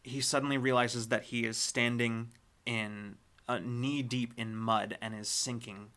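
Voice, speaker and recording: A man narrating a tabletop role-playing game as game master. He describes scenes in a halting way, with frequent fillers and restarts. His voice is bright and sits at an ordinary pitch. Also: fairly even intonation, clear, resonant tone.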